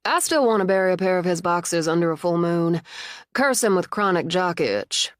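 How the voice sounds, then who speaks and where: A woman's voice: lowish voice, lively intonation, moderate pace, no echo, close to an everyday voice. A mischievous young best friend, read by a woman narrator, fiercely loyal. Her speech is playful and teasing. The audiobook recording is dry and close.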